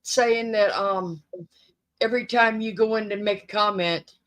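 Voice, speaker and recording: A woman co-hosting a casual chat, talking in a chatty way with quick asides. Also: mid-range voice. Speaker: channel co-host.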